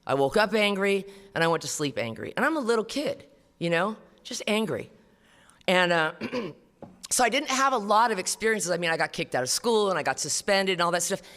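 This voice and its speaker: Casting: a woman telling her story to a meeting, blunt and salty, bright-voiced, in a reverberant hall. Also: medium pitch, expressive, brisk. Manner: blunt, profane, conversational storytelling. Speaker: recovery meeting speaker. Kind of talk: personal testimony talk. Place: meeting hall before an audience.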